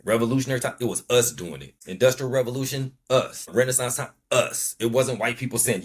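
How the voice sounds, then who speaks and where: Husky-voiced man giving fervent podcast commentary. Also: mid-range voice, brisk. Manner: fervent, preachy, repeats key words for emphasis, swears. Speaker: podcast host. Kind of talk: impassioned solo podcast commentary.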